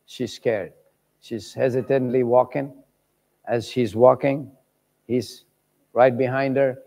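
A man preaching a sermon, telling stories with lively voices for the people in them. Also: mid-range voice, slow, creaky, pauses often. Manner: animated, acts out voices in stories. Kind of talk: sermon storytelling. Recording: long reverb of a large hall.

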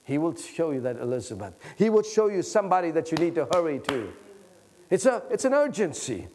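A male preacher with a high voice delivers a fervent sermon. He moves between loud, urgent pleading and soft, low intensity, drawing out words for weight. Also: very animated. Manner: impassioned, swings from loud urgent pleading to hushed low tones; slows down to stretch out key words.

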